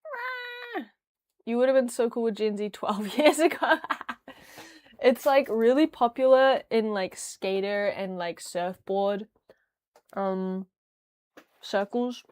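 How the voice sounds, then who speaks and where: A woman's voice: medium pitch, slow, long pauses, a little mellow, dry recording. A young woman chatting casually on a livestream, rambling with lots of fillers. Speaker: streamer.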